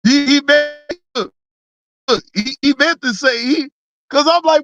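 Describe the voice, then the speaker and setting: This is a reaction channel host teasing chat viewers in loose, casual commentary. The delivery is unhurried yet excitable, full of laughter and words repeated in bursts. The voice sounds bright and close, in a dry space with almost no room echo. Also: sits high.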